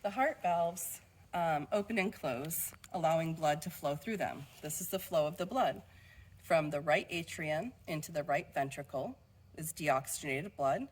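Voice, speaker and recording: In a deep voice at normal speed, a young woman studying nursing walks her class through a presentation one step at a time, using the odd filler word. The audio quality is poor.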